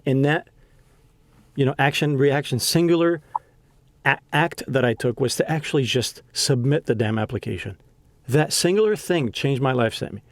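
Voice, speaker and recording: Hosting a podcast, a young man talks in a casual conversation with deep, heartfelt emotion, frequently stopping to restart sentences. His voice is on the high side, recorded with no echo.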